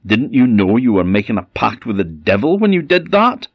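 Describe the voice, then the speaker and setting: A man's voice: low voice, expressive, unhurried, husky, no echo, highs cut off, exaggerated voice. A man voicing a harsh, unforgiving male island minister who speaks coldly and pompously. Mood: scornful. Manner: cold, pompous, condemning.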